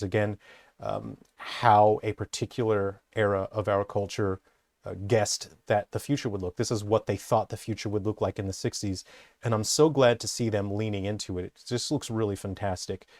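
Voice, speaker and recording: A man who works as a character designer gives an enthusiastic, rambling commentary breakdown, casual and full of hesitations. His voice is lowish with a darkish tone, recorded in studio quality with no echo.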